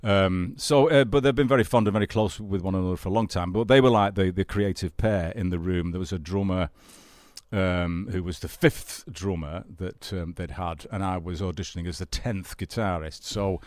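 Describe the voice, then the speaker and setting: A man, a musician guest, telling stories in a rambling, halting way with many restarts. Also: deep voice, steady tone, a little mellow, no room sound, studio quality. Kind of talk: casual storytelling interview.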